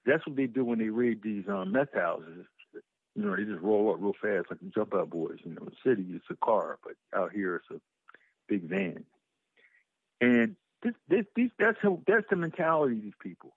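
A man co-hosting a casual talk show, telling an animated story with lots of swearing and stumbling restarts. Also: on the low side, normal speed, breathy edge, no room sound. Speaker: co-host. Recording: muffled lo-fi sound.

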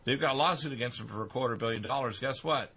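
Husky, bright-toned man, halting. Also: medium pitch. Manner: halting, stumbling, demanding. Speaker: speaker in a played clip. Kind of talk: opinion talk.

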